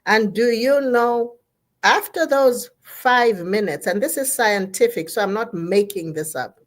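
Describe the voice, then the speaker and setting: This is a woman therapist from Zambia, speaking online with a fairly high voice at a measured pace. Her motivational talk on mental health is emphatic, and she drives points home by repeating and spelling out key words.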